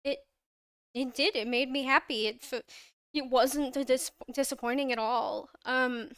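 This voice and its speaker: A woman's voice: sits high, steady tone, measured pace, a bit bright, clean tone, no echo. A young woman chatting casually on her livestream, gushing about a fandom with frequent giggles and restarts, close to her own microphone. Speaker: livestream host.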